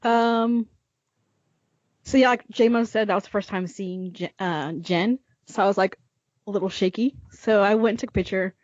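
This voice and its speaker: A woman's voice: mid-range voice, normal speed, darkish tone, no room sound. A woman telling a story in earnest on a casual podcast chat. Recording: dry, muffled mic.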